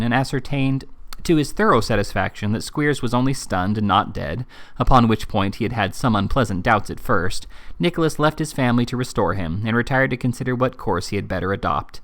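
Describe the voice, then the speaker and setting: A man reading a classic novel aloud in steady, even narration. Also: medium pitch. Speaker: reader.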